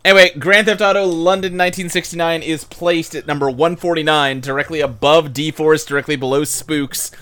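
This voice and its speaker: A man's voice: on the high side, steady tone, a little fast, hardly any pauses, fairly bright tone, smooth. A man hosting a podcast in casual chat, rambling, with loose fillers and casual swearing. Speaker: podcast host.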